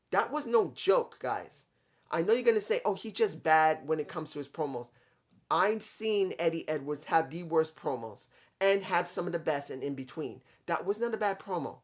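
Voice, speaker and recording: A man giving a casual, rambling spoken review of a wrestling show, talking straight to his viewers. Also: sits high.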